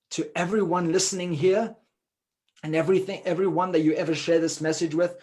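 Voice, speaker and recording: A man on a forum panel telling a heartfelt personal story, earnest and emotional, often talking quickly but slowing down to stress key words. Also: on the high side.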